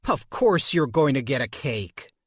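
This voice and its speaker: A man voicing a short-tempered young mother who snaps and grumbles, her voice raised and pitched up. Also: sing-song, measured pace, husky, dry recording, studio quality. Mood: irritated. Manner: harsh, snappish, grumbling.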